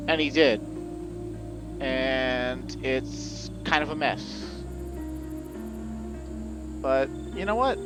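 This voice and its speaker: A man's voice: medium pitch, extremely slow, pauses often. A man casually talking over his gameplay as a let's play host, rambling with lots of fillers and the odd swear. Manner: rambling, profane, filler-heavy. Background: game music.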